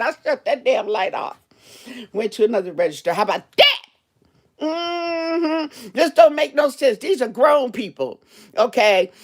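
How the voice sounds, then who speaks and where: A woman who works as a cashier, telling a story in a casual vlog and talking straight to her viewers in a chatty, animated way. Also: high-pitched, unhurried.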